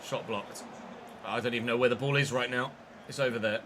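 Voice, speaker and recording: A man streaming a football video game, giving an excitable, sweary running commentary on the play. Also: medium pitch, fairly quick, noisy background. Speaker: gaming streamer. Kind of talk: live gameplay commentary.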